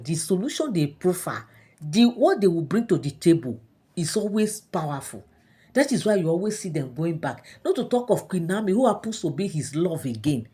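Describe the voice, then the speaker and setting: A woman's voice: fairly low pitch, mellow, slightly rough. A Nigerian woman narrating royal gossip to her viewers in a chatty way, with many fillers and asides. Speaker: gossip storyteller.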